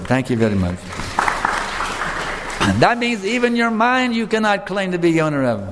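Man preaching, kinda high voice, lots of echo, faint hum in the back. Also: sing-song, normal speed, a bit bright, some chatter behind. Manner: earnest, emphatic, asks the audience questions. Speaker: spiritual teacher. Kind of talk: devotional lecture. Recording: long hall reverb, faint room ambience.

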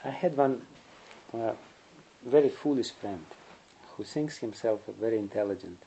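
A man delivers a spiritual lecture in a low, gravelly voice with a mellow, dark tone. He rambles through stories and chuckles often. Faint hiss sits under the recording. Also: lively intonation, unhurried, low-quality recording. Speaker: spiritual teacher.

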